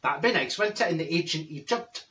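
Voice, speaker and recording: A man's voice: fairly high pitch, expressive, fairly quick, pushed and bright, recorded from a distance, faint music behind. A man playing a chatty middle-aged Glaswegian woman with a Glaswegian Scottish accent, rambling through gossip full of asides and restarts in a comic monologue. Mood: gossipy chatter. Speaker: comedy character vlogger.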